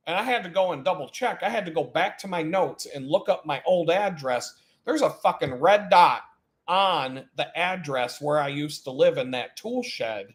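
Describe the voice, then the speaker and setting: A man telling stories on a live stream, animated and profane, breaking into laughs. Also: a little high. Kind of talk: casual storytelling on a live stream.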